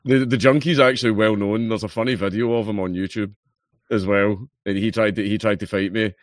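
A man's voice: fairly low pitch, fairly even intonation, brisk, no echo, clean studio sound. A Scottish man in his thirties, chatting casually and telling swear-filled stories. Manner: swearing storyteller. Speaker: podcast guest. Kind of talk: casual chat.

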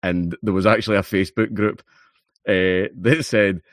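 A man's voice: low voice, fairly even intonation, normal speed, no room sound, clean studio sound. A Scottish man in his thirties, chatting casually and telling swear-filled stories. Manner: swearing storyteller. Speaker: podcast guest. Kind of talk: casual chat.

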